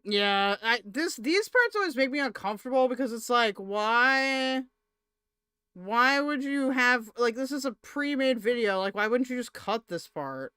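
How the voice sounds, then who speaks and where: A woman's voice: fairly high pitch, lively intonation, measured pace, bright, forceful tone, smooth, dry recording, studio quality. A woman co-hosting a commentary podcast, chatting casually with blunt, profane reactions. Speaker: podcast co-host.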